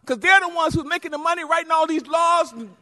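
An angry woman making a public comment, accusatory and pushing back when she is interrupted. Her voice is very high and sharp. It rings with long reverb in a big chamber. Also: fast talker. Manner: heated, accusatory, talks over interruptions. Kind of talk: public comment at a council meeting. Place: council chamber. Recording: reverberant hall.

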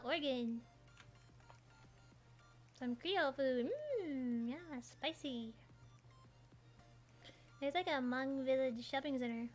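A woman streamer chatting excitedly over gameplay, often bursting into laughing shouts. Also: sits high. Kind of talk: casual gameplay chat.

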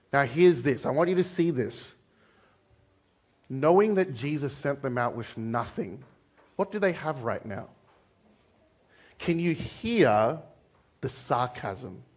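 A young Australian man with an Australian accent giving a conversational church sermon, joking and acting out the people in the story. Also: fairly high pitch. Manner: conversational, joking, acts out quoted voices. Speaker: pastor. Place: church hall.

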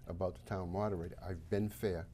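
A self-assured man with a Boston accent talks on a local talk show. He sets out his points one by one, emphatic and certain. His voice sits a little low. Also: steady tone, brisk, dark tone, slight background noise. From Massachusetts. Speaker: town moderator candidate.

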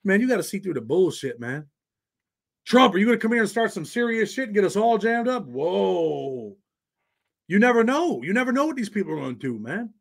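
A man's voice: high-pitched, very animated, fast talker. An American man hosting a livestream, chatting loosely with viewers in slang and answering their comments. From United States. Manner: loose, slangy, talks straight to chat. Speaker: livestream host. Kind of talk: casual livestream chat reading viewer comments.

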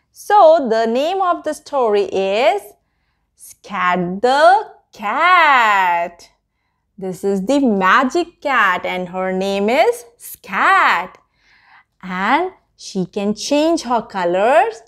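A woman telling a story to children, slow and animated, speaking straight to the listening child. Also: high-pitched.

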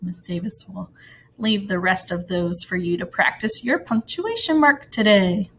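A woman teaching a recorded grammar lesson to first graders, in a sing-song teacher voice with playful jumps in pitch. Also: expressive, measured pace, a little hiss or hum.

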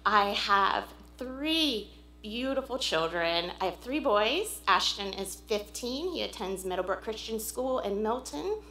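A woman in her forties from Pennsylvania speaking earnestly and warmly to a church congregation, pausing often with "um". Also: mid-range voice, slight background noise. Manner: earnest and heartfelt, many "um" pauses. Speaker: visiting churchgoer addressing the congregation. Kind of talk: informal church speech. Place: church sanctuary. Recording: echoey church room.

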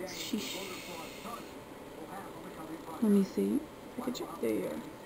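A woman's voice: medium pitch, takes it slowly, vocal fry, very noisy. A woman vlogger delivering a casual, indignant and sarcastic rant to the camera.

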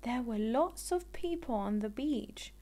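Here a woman storyteller, her voice a little high, reads a children's picture book aloud with expressive, deliberate delivery.

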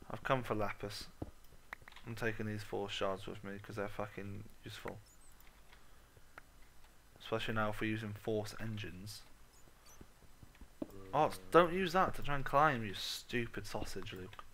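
A man's voice: on the low side, moderate pace, long pauses, pushed and bright, slight background noise. Sweary man playing a game. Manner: goofy, sweary running commentary, talks to himself. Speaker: gaming channel host. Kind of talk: casual let's-play commentary.

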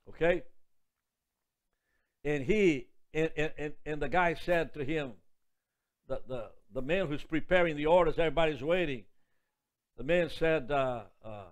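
A man in his seventies, a pastor preaching and reading Scripture in a jovial, exclamatory way with chatty asides. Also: on the high side. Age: 70s. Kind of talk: sermon with Bible reading.

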